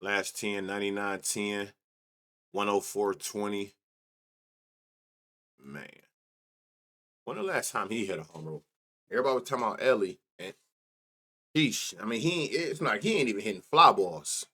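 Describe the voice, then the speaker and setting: A man's voice: on the low side, moderate pace, pauses often, sharp tone. A man hosting a sports betting show, thinking aloud in casual chat as he reads off numbers and mutters to himself. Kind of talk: casual solo stats rundown.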